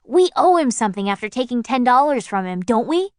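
Woman reading as a smug teen boy in a storybook, smooth clean voice, talks his way out of everything. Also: a little high, very animated, brisk, no room sound, clean studio sound, pitched above the performer's own voice. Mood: arguing. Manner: teasing, arguing back. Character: sly teenage boy, cocky and glib.

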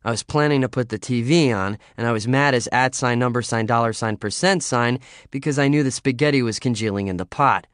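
A man reading a first-person story as an audiobook narrator, in a measured, understated way. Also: mid-range voice, smooth, no room sound, clean studio sound.

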